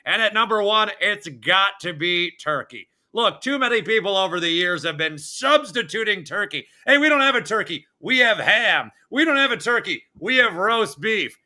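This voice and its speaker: A man hosting a casual podcast, brash and profane, counting down a list with slow mock-announcer emphasis. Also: sits high, expressive, pushed and bright. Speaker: podcast host.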